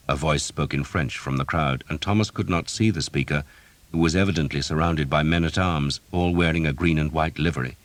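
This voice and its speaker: Deep-voiced male audiobook narrator. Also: dry recording. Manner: measured, steady storytelling. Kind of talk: scripted narration.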